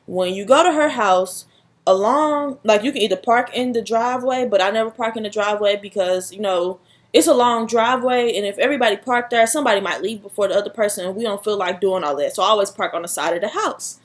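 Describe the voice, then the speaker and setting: A young woman vlogger telling a personal story in a casual, animated, dramatic way, full of slang. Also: mid-range voice, fast.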